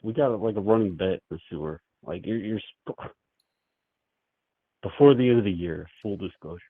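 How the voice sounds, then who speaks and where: A man's voice: fairly low pitch, moderate pace, slightly rough, no room sound. A man calling into a show over the phone, rambling in a crude, laid-back way with lots of fillers. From United States. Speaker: caller. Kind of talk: casual phone chat. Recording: tinny phone line.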